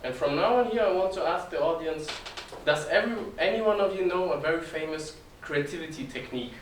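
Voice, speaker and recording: A man's voice: a little high, lively intonation, a little fast, a little hiss or hum. Young man, earnest presenter; mic far off in a roomy hall. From Germany. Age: 20s. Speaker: speaker giving a talk. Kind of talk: informal presentation to an audience. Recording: echoey room, distant mic, faint ambience.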